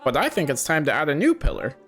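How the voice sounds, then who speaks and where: Man reads a folksy speechifying businessman, lively swooping delivery, soft game music underneath. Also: fairly high pitch, fast, voice pushed up. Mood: grandiose. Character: showy small-town businessman giving a festival speech.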